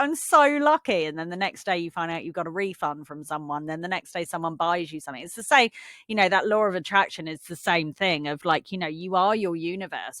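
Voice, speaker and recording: A woman co-hosting a casual podcast, her voice lower than most and recorded very dry. She explains things calmly and reflectively, with plenty of "you know"s and "like"s. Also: no room sound. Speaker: podcast co-host. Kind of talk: casual chat.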